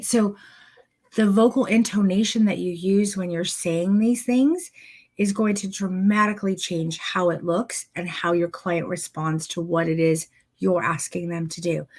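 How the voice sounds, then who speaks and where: A woman's voice: lowish voice, darkish tone. A woman teaching an online photography masterclass, coaching her viewers directly and demonstrating as she explains. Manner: encouraging, addresses viewers directly. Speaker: photography posing instructor.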